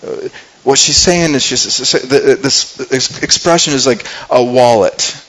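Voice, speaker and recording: A man's voice: medium pitch, measured pace, fairly bright tone, low-quality recording. Earnest male pastor preaching. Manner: earnest, paraphrasing scripture in everyday speech, frequent restarts. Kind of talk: sermon.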